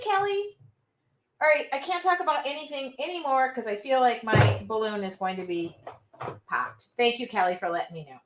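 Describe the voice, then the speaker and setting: A woman's voice: on the high side, fairly bright tone. A woman with a drawl talks her way through a live craft session. Her chat wanders from topic to topic as she cuts and paints, and she reads her viewers' comments aloud. She laughs easily and keeps it all casual. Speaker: art journaling host. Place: home art studio with air conditioning running.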